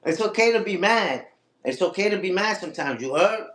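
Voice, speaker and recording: A man's voice: sits high, expressive, a little fast, a bit bright, roomy sound. A man hosting a casual livestream, talking back to his critics and repeating his own catchphrases. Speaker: livestream host.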